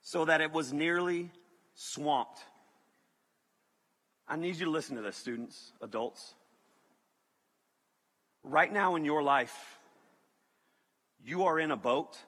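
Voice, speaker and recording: A man preaching to students as a youth pastor, animated and joking, talking to the crowd. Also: a little high, slow, pauses often. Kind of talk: sermon to students. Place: large hall with audience. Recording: reverberant hall.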